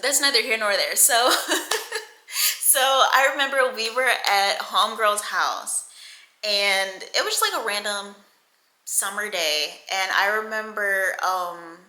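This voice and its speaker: A woman in her twenties telling a casual storytime, chatty and animated, swearing and laughing a lot. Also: medium pitch, slow. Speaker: vlogger. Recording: echoey room.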